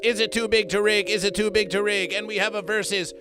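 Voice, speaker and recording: A man's voice: high voice, flat delivery, a little fast. A man hosting an absurdist comedy livestream, chanting and repeating himself as he reads out chat. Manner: chanting, repetitive, sing-song announcing. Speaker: livestream host. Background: music.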